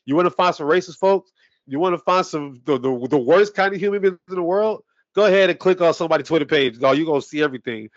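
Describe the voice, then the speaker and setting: A man's voice: fairly high pitch, fast talker, no room sound, muffled recording. A man co-hosting a sports podcast, ranting heatedly with heavy swearing in casual talk. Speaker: podcast co-host.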